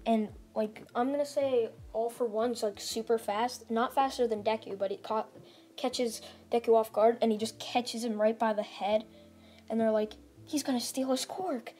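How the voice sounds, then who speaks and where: A woman's voice: fairly high pitch, fairly even intonation, normal speed, mellow, soft background music. A woman casually retelling a fan-made story, rambling with lots of "like" and restarts.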